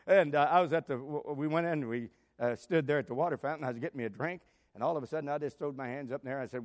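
An older man preaching a sermon, swinging between loud emphatic exclamations and soft asides. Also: mid-range voice, very fast. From United States.

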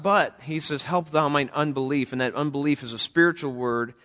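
A man's voice: a little high, a little fast, fairly bright tone. A man preaching a sermon earnestly, reading scripture and speaking as a father to the parents in his church. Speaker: pastor; father of a young son.

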